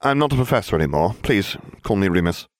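A man voicing a gentle, weary former teacher in a storybook reading. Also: deep voice, expressive, fast, dry recording, clean studio sound. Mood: mild.

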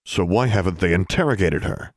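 A man voicing a large, fanatical old bearded wizard with a deep booming voice, ranting louder and higher as he goes, for an audiobook. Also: brisk, dry recording, studio quality. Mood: insinuating. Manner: ranting, increasingly heated.

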